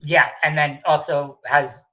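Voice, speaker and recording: A woman with a low voice and a bright, forceful edge, chatting through a reality-show recap. She talks bluntly, swears freely and drops into animated asides. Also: unhurried, poor audio. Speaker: podcast co-host. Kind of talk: casual recap chat.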